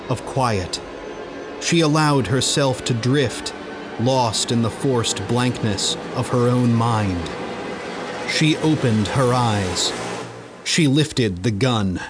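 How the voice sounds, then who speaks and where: A man narrating a horror story in a measured, deliberate way. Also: mid-range voice.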